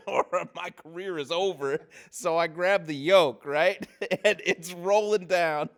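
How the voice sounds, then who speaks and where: A man's voice: high voice, takes it slowly, few pauses, fairly bright tone. A man, a film-set grip, telling a long anecdote on a casual podcast, laughing often. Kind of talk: casual storytelling chat.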